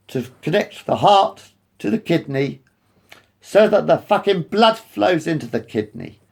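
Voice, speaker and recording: A man's voice: fairly high pitch, vocal fry. A man venting in a rambling, profane rant to camera, angry and repeating himself. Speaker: vlogger. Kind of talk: ranting monologue to camera.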